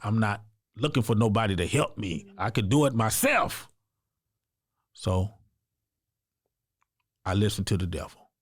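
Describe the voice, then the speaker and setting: A man's voice: on the low side, no room sound, clean studio sound. A man from the United States, a podcast guest, telling his own story in an earnest, emphatic, conversational way. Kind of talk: personal storytelling in an interview.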